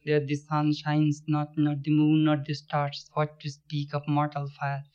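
Man, spiritual teacher, storytelling lecture, chuckles, slightly high voice. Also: completely flat delivery, a little slow, darkish tone, clean tone. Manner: storytelling, chants verses, chuckles often. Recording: dull lo-fi recording.

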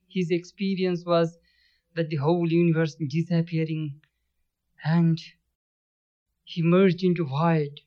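A man's voice: fairly high pitch, flat delivery, slow pace, long pauses. A man giving a spiritual lecture, telling stories, chanting verses and chuckling often. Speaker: spiritual teacher. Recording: dull lo-fi recording.

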